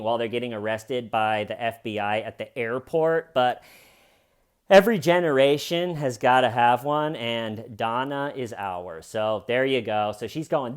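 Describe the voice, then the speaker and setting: Male commentator with a mid-pitched voice, sarcastic and animated, doing comic true crime commentary. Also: measured pace, clean tone.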